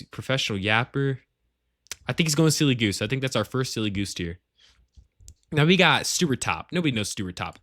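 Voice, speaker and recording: Here a gaming clan leader goes through his group one by one, tiering them in slangy, profane, meandering banter from the home he shares with family. He has a mid-range voice that's a little bright, recorded with clean studio sound and no room sound.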